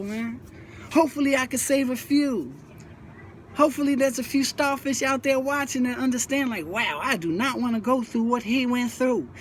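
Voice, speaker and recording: A YouTube host with a very high-pitched voice discusses prison life, and a slight hiss or hum runs under the recording. In a relaxed monologue on his own channel, he earnestly advises young viewers while repeating himself in a preachy way. He regularly stumbles and begins his sentences again.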